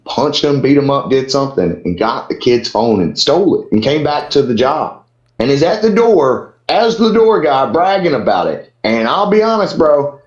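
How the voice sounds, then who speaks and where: A man's voice: mid-range voice, very animated, normal speed. A man, a comedian, telling a story in casual chat, heated and blunt, swearing freely. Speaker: podcast guest, comedian. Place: Austin, Texas. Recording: roomy, dull podcast audio.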